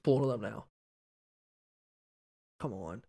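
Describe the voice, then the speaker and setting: A man's voice: on the low side, slow pace, vocal fry, dark tone, slightly rough. A man co-hosting a sports podcast in casual chat, rambling, repeating words and swearing freely. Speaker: podcast co-host. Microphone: podcast microphone.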